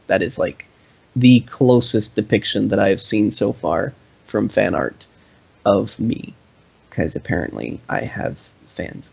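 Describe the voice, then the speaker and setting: A man's voice: on the low side, gravelly, husky, dull audio. A man casually hosting a live stream, reading viewer comments aloud and joking around. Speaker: live stream host answering chat.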